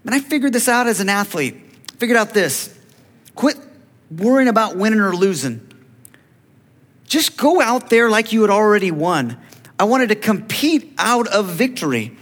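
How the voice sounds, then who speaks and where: Man, preacher, sermon, slightly high voice, acts out scripture voices, congregation call-outs. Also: normal speed, pauses often. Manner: animated, acts out biblical dialogue, asks congregation for amens. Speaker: pastor. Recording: long hall reverb.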